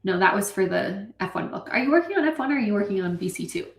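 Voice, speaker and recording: A woman hosting a casual stream, chatting animatedly and reading out viewer comments with quick asides. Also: mid-range voice, very animated. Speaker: streamer hosting a writing session. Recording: roomy echo.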